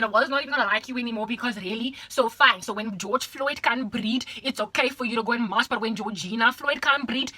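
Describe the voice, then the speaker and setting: South african girl ranting at the camera, high voice, talks super quick, over the top and repeats herself. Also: pushed and bright. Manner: exaggerated, repetitive, mixes in Afrikaans. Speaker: vlogger.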